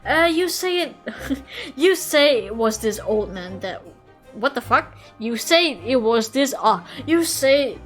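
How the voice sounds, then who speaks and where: A young woman streaming a game, reading lines aloud and reacting with excited squeals and swearing. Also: high voice, slow, soft background music.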